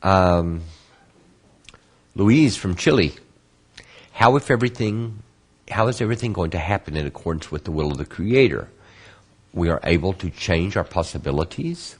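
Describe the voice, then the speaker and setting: A man teaching an online course, patiently answering student questions and explaining terms slowly with repetition. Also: low-pitched, animated, husky. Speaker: Kabbalah course instructor.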